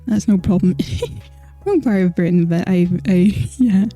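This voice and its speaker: Dark-voiced Scottish woman streamer. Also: medium pitch, a little slow, faint music behind. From Scotland. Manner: chatty, laughing, filler-heavy. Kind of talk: casual chat with viewers.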